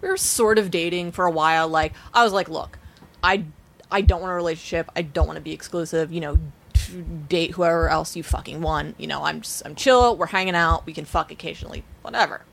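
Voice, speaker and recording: A woman's voice: lowish voice, brisk, gravelly. Blunt, foul-mouthed young woman storyteller. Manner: profane, blunt, animated storyteller. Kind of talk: casual storytelling chat.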